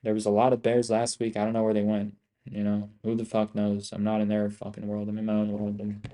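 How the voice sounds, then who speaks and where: A man's voice: fairly low pitch, completely flat delivery, brisk, warm tone. Profane, rambling man streaming trades. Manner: rambling, profane, boastful and repetitive. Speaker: live-streaming options trader. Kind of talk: casual live-stream talk to chat.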